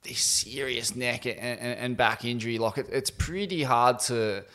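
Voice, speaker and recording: Aussie guy hosting a chat, mid-pitched, chill and thoughtful. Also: normal speed, pushed and bright. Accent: Australian. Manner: easygoing, reflective, swears casually. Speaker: podcast host. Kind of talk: casual interview.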